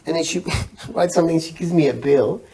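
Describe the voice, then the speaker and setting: A man from Egypt telling a comic story on a panel, animated, acting out the people in it and laughing through his lines. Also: fairly high pitch, a little fast, far from the mic, rough recording. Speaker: comedian guest.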